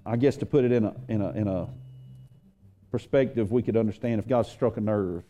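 A male pastor delivers a sermon in a warm, mellow voice. He builds intensity and repeats key phrases for emphasis. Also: on the low side, a little fast, lo-fi sound.

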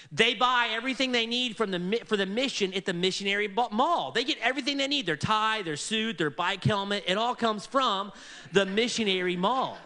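A man preaching a story-driven sermon, acting out the people he quotes with shifting voices. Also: high voice. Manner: animated, acts out quoted people in varied voices.

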